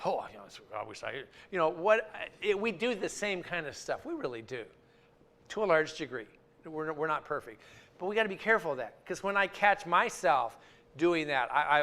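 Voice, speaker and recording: Speaking in a sanctuary with a fairly high pitch and fairly bright tone, this man delivers an informal church talk that's conversational, marked by repeated words and restarted sentences.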